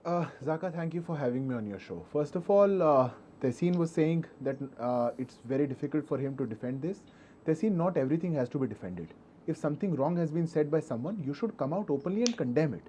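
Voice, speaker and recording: A man's voice: a little high, animated, fairly quick, warm tone, a little hiss or hum. A man with an Indian accent speaking emphatically as a party spokesperson in a televised political debate. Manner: emphatic, rising insistence.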